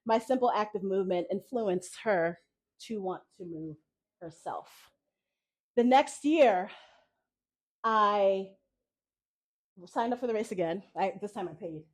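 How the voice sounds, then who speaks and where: Expressive woman telling a story live. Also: medium pitch, unhurried, long pauses. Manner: expressive, laughs often while telling. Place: cafe event in the mountains.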